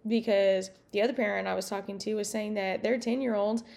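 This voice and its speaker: Gravelly outspoken woman podcaster. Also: mid-range voice, fairly even intonation, fairly quick, darkish tone. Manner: rambling and outspoken, swears freely. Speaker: podcast host. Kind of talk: casual podcast monologue.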